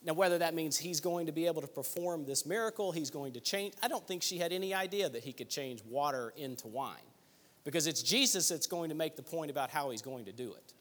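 A man's voice: on the high side, lively intonation, brisk, a bit bright. Man leading a Bible study in an echoey hall. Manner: conversational, thinks aloud with restarts. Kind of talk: teaching a group discussion.

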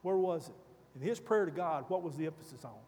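Man, Bible class teacher, quizzes the group, reads verses aloud, slightly high voice, long hall echo. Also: animated, fast talker, mellow. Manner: asks the group questions and reads scripture aloud.

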